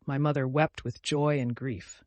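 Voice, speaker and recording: A man reading a classic novel aloud as audiobook narrator, measured and gentle. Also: mid-range voice, little pitch movement, no room sound, highs cut off.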